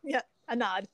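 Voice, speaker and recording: A woman hosting a casual podcast, excitable and swearing casually, laughing often. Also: on the high side, no room sound. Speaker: podcast host.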